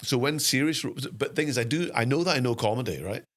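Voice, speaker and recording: A middle-aged Scottish man, an actor guest, telling anecdotes in a self-deprecating, animated way. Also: medium pitch, fast talker. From Scotland. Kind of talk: anecdotal storytelling.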